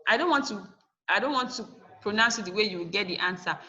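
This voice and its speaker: Bright-voiced woman teaching a class. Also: medium pitch, animated, fast talker, low-quality recording. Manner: asks questions then answers them herself; repeats key points to stress them. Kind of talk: online class lesson. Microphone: video call.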